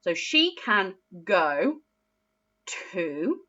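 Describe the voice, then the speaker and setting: A woman teaching a phonics lesson to young children, encouraging and sing-song, sounding out letters slowly and praising often. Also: mid-range voice, very animated, pushed and bright, highs cut off. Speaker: primary school teacher.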